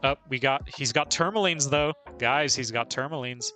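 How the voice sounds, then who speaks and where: Male streamer, bright, forceful voice, chatty play-by-play with frequent laughs. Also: medium pitch, normal speed, faint music behind. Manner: chatty, laughs often, narrates own moves. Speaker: game streamer. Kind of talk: casual live gameplay commentary.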